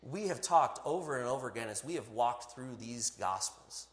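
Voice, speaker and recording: A man preaching a sermon in a church, emphatic and animated, with playful asides to the congregation. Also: medium pitch, moderate pace. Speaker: pastor. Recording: echoey hall.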